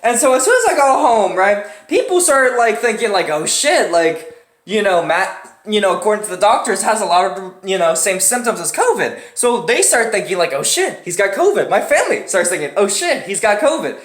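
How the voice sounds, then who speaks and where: A man's voice: high voice, fairly bright tone, echoey room. A young man telling a story in a casual, profane way, acting out the people he quotes with laughs and grunts.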